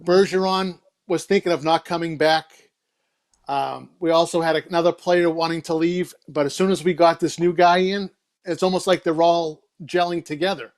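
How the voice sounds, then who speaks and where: A man from the Boston area, a guest on a hockey stream, giving relaxed and thoughtful opinions. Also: a little high, normal speed. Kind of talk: casual chat.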